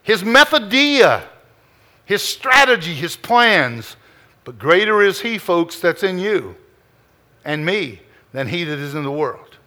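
A man's voice: high voice, sing-song, slow pace, pushed and bright. A man preaching a sermon with an emphatic, repetitive cadence, likely in a church or revival meeting.

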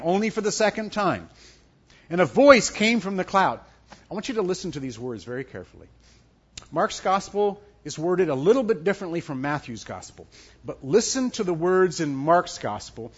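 A middle-aged man preaching a sermon as pastor, emphatic and lively, dropping suddenly soft for effect. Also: high-pitched, moderate pace, slightly rough. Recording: dull lo-fi sound.

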